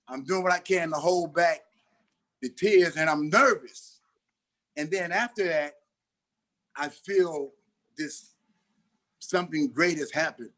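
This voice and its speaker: Middle-aged man, podcast guest, lively storyteller, slightly high voice, acts out dialogue. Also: slow pace, pauses often. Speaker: actor and interview guest.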